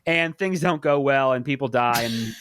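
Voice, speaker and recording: A man's voice: normal speed, slight background noise. A man hosting a podcast, casually talking through a movie and acting out its lines with big jumps in voice. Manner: animated, acts out quoted lines with big pitch jumps. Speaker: podcast host.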